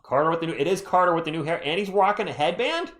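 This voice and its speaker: A man hosting a live fan play-by-play stream, chatty and excitable, reading and answering viewer chat as he calls the game. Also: on the high side, rapid-fire. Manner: excitable, voice jumps up when thrilled.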